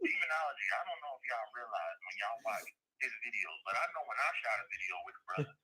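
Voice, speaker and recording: A man hosting a casual chat, loudly and excitedly telling stories about a friend and laughing. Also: mid-range voice, quick pace, breathy edge, low-quality recording. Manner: loud, excitable storytelling with laughs. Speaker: host.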